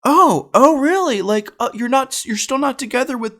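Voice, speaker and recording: A man voicing his frantic, loud-mouthed middle-aged aunt in a high, shrieking voice while telling a family story. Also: big pitch swings, slow pace, heavily acted. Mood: prying. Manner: shrieking, hysterical.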